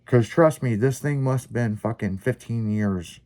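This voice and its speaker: A man hosting a podcast, telling a long story in casual, profanity-laced chat with lively, rambling delivery. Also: medium pitch, normal speed. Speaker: podcast host.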